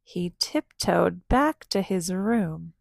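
A woman reading a picture book aloud to children, animated and asking them to join in with sounds. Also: lowish voice, slow, creaky, dry recording, clean studio sound.

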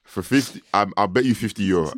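A young man co-hosting a podcast, telling stories in a slangy, halting way. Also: fairly low pitch, no echo. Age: young adult. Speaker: podcast co-host. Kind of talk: casual storytelling chat.

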